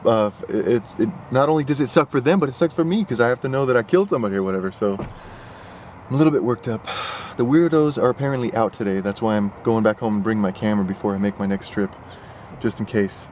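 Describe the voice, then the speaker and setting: A man's voice: on the low side, quick pace, darkish tone, a little hiss or hum. A young man talking casually in a vlog, rambling and worked up, full of fillers and asides. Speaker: vlogger. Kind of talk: casual chat. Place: partly in a car.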